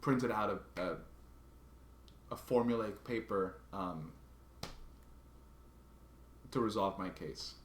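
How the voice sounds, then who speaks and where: Brief: deep-voiced man, casual halting vlog narration, echoey room, faint background hiss. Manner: halting, restarts and repeats words while recounting a grievance. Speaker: vlogger.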